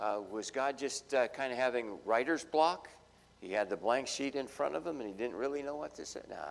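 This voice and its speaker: Middle-aged male pastor, gravelly, animated sermon delivery, big hall reverb. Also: medium pitch. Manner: animated, swings from loud emphasis to hushed asides, acts out voices in his story. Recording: long reverb of a large hall.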